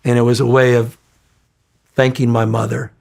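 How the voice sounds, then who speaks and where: A middle-aged man, an interview guest, telling profane, animated stories in casual chat and acting out the people he quotes. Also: mid-range voice, moderate pace, gravelly. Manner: profane, animated storyteller, acts out quoted voices loudly.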